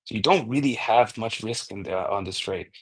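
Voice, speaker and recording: A man's voice: lowish voice, normal speed, slightly rough. A man giving a casual chart analysis as a crypto trading analyst, talking loosely with frequent restarts and the odd swear word.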